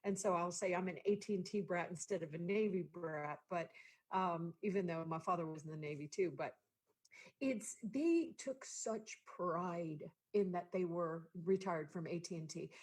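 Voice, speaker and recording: A woman's voice: lowish voice, normal speed, a little mellow. A woman hosting an interview show, chatty and laughing easily. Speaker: podcast host. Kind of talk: casual interview chat.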